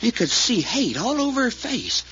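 An actor playing a folksy, nervous rural eyewitness who rambles in rustic grammar, in 1940s radio acting. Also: male voice, very high voice, huge pitch swings, moderate pace, a bit bright, exaggerated voice. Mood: insistent. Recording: dull old radio recording with faint hiss.

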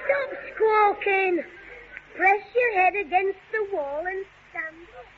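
A woman's voice: very high-pitched, expressive, slow pace, crowd noise, background noise, heavily acted. A woman playing a wisecracking, bossy young lad. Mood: cheeky. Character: cheeky, quick-witted young London lad, Jim. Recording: dull old radio recording.

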